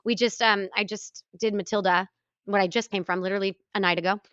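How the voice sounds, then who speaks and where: A young adult woman, a stage performer and guest, talking casually with high energy and bubbly laughter. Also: fairly even intonation, quick pace, a bit bright, clean tone, no echo, lo-fi sound. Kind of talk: casual interview chat.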